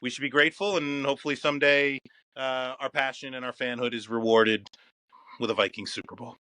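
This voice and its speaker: A man's voice: mid-range voice, steady tone, a little fast, sharp tone, no echo. A man from Philadelphia, a guest on a podcast, talking earnestly and gratefully in a casual interview. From Philadelphia, United States. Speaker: league scheduling executive, guest.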